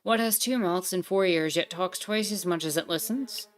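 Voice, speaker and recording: A woman's voice: on the low side, moderate pace, natural voice. A woman reading game dialogue aloud, voicing a grumpy, condescending male bird librarian who talks in a haughty, impatient way. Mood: scornful.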